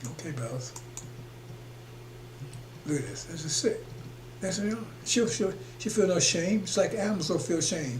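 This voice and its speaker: A man's voice: high-pitched, lively intonation, normal speed, long pauses. A man preaching on a broadcast in an emphatic, rambling way, chuckling between his points. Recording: echoey room with faint hum.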